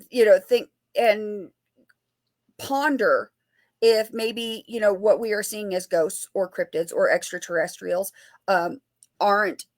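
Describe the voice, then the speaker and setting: A woman paranormal investigator and author, a guest in a casual interview, talking animatedly and playfully acting out quoted lines. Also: medium pitch.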